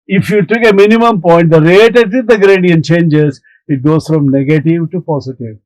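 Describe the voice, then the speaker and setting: A man's voice: on the high side, darkish tone, no echo, poor audio. A man teaching a maths lesson, explaining step by step and answering imagined students. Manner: slow, deliberate explaining, talks back to imagined students.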